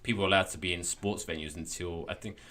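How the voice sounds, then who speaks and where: A man co-hosting a casual football podcast, animated and jokey. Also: sits low, quick pace. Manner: animated, jokey, puts on voices for quotes. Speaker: podcast co-host.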